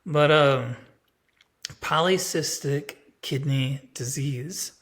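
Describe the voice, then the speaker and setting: A man's voice: on the high side, extremely slow, a bit bright. A man in his thirties talking straight to the camera in a casual personal vlog, rambling and blunt, with lots of filler words. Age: 30s. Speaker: vlogger.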